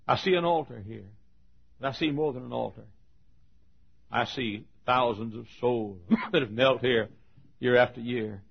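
A middle-aged pastor preaching a sermon, moving from quiet storytelling to loud, shouted preaching. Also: male voice, medium pitch, creaky, slightly rough. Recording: dull lo-fi sermon recording.

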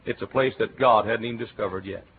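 A middle-aged man from Texas with a Texan accent, preaching a sermon as a pastor, telling stories and breaking into shouts. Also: lowish voice, fast talker, slight background noise. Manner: animated storytelling, bursts into shouts and chants. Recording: tinny phone-like recording.

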